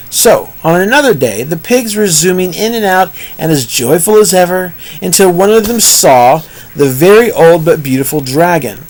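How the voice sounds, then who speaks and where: A man's voice: on the high side, poor audio. A man improvising a rambling storybook tale, with puns and asides. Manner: rambling, punning, self-interrupting.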